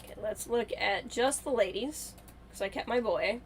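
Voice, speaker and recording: A woman's voice: a little high, moderate pace, slight background noise. A woman streamer chatting casually and thinking aloud as she plays a game on a live stream.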